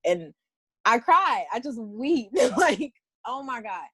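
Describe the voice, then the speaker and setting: A woman's voice: fairly high pitch, very animated, takes it slowly, fairly bright tone, breathy edge, no echo. Woman poet chatting real open, lots of restarts, kinda teary, dry close sound. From Washington, D.C. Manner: candid, rambling, with frequent laughs and restarts. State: tearful at times. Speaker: poet and guest. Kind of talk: emotional interview conversation.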